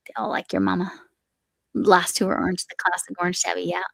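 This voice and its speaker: A woman's voice: fairly low pitch, completely flat delivery, fairly quick, creaky, a bit bright, no room sound. A woman hosting a casual live chat while she crochets, reading viewer comments aloud and talking to her cat. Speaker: livestream host.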